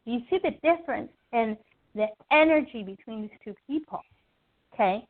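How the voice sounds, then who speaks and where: A woman's voice: a little high, moderate pace. A woman guest on a podcast, talking through everyday lessons in a casual teaching style, acting out little scenes and checking in with "okay?". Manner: animated, acts out little scenes in quoted voices; repeats "okay?" to check in with the listener. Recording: tinny phone line.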